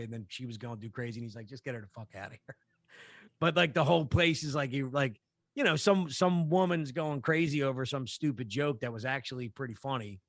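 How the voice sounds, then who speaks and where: A man on a podcast, spinning a loose story in casual chat. He rambles, restarts sentences and swears freely, in a voice of ordinary pitch. The sound is dry and close, with no room around it. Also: no echo. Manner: rambling, profane, many fillers and restarts. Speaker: podcast co-host.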